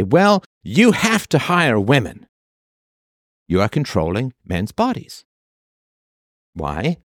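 A man's voice: fairly low pitch, dry recording, studio quality. A man delivering a monologue of commentary in a sarcastic manner, now and then mocking the voices of the people he quotes.

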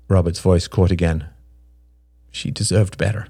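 A man reading audiobook narration in a measured, even storytelling manner. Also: low-pitched, dry recording, clean studio sound. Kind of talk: scripted narration.

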